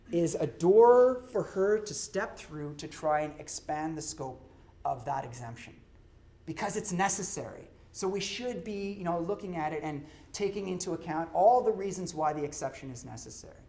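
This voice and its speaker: Speaking at normal speed, this middle-aged law professor has a warm, expressive voice on the high side. His public academic lecture is conversational, peppered with frequent "right?" check-ins to the audience.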